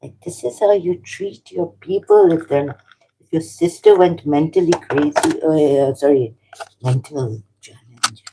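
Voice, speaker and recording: A tired woman from Pakistan talking alone on a livestream at home, halting and apologetic, often trailing off and restarting. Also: sits low, background noise. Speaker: livestream host. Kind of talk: rambling livestream monologue. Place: at home, making tea.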